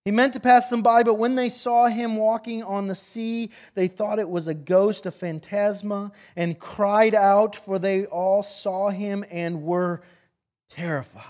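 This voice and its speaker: A man preaching a sermon, telling a story with animation and swinging between loud and soft passages. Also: high voice, steady tone, measured pace. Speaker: pastor.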